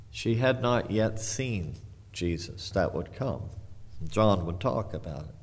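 A man's voice: low voice, unhurried. A male pastor preaching a sermon, retelling a scripture story in a reflective, storytelling manner.

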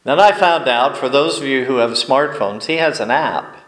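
A male pastor giving a sermon, telling folksy stories with deliberate pauses. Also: medium pitch, lively intonation, fairly bright tone, echoey room, rough recording. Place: church sanctuary.

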